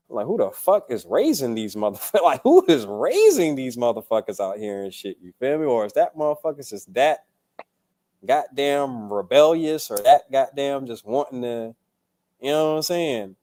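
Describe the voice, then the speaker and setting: A young poet and musician from Durham, North Carolina, appears as a guest in a casual podcast interview, talking in a laid-back, profane way and tagging lines with "you feel me". His mid-range voice is sing-song and mellow, at a normal speed.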